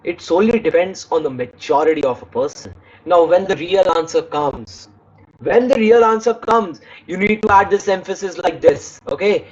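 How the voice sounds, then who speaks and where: A man's voice: sits high, fairly quick, muffled recording. A man giving an online speaking lesson, demonstrating tones by reading lines aloud and stopping to correct himself. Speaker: English speaking teacher.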